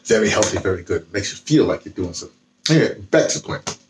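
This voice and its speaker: A man's voice: fairly low pitch, lively intonation, fast talker, background noise. A man chatting casually about books he has read, rambling and restarting often. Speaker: vlogger. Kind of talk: casual book talk with reading aloud.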